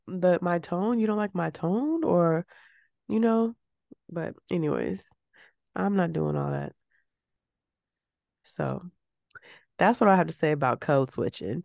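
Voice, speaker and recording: A woman co-hosting a podcast in casual chat, animated and emphatic, her voice leaping up when she makes a point. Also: lowish voice, a little slow, vocal fry, long pauses, dry recording. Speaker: podcast co-host.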